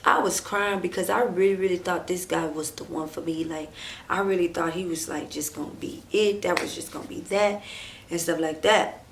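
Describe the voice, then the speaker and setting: Her lowish, gravelly voice comes through background noise as she tells a personal story on her vlog. This storytime vlogger talks straight to viewers in casual, animated chat, acting out what people said, using drawn-out fillers and plenty of "like" and "and stuff", and dropping to a hushed near-whisper at tense moments.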